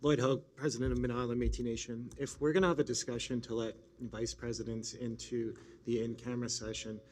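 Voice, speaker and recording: A man's voice: medium pitch, little pitch movement, brisk, darkish tone. A man speaking from the floor of an assembly as a regional president, talking with a candy in his mouth, his voice distant and echoing in the hall.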